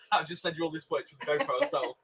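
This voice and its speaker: A man's voice: a little high, sing-song, fast, fairly bright tone, a little hiss or hum. A man with a jokey, teasing manner, hosting a casual chat in his workshop. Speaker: garage owner and show host.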